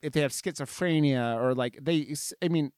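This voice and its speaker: A man's voice: a little high, normal speed, darkish tone, no room sound. A young man co-hosting a podcast in casual chat, rambling with many restarts and laughing often. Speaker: podcast co-host.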